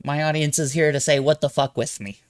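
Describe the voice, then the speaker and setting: Profane, animated male streamer. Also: fairly high pitch, fairly quick, clear, resonant tone. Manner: profane, animated storytelling with sudden loud jumps. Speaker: streamer reacting to a video. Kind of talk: casual live-stream commentary.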